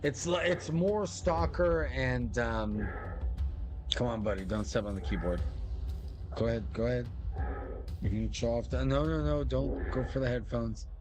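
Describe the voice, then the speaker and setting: A man from Puerto Rico hosting a game stream, his middle-pitched voice relaxed and chatty. He rambles with plenty of uh and um, then turns soft and doting when speaking to a pet. Quiet music plays behind him. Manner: chatty and relaxed, often pausing with fillers, fond baby talk to his kitten. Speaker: gaming streamer. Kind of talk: casual live-stream commentary.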